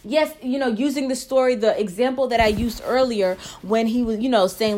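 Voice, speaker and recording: Earnest encouraging woman host, slightly high. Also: normal speed, hardly any pauses, a little mellow. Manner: earnest, encouraging, prays aloud mid-talk. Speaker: faith and marriage podcast host. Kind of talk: casual faith talk.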